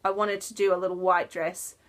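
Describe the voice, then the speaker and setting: A woman's voice: lowish voice, flat delivery, a little fast, a bit bright. Chatty rambling woman, knitting host. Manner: rambling, chatty, with self-deprecating laughs. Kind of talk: casual chat.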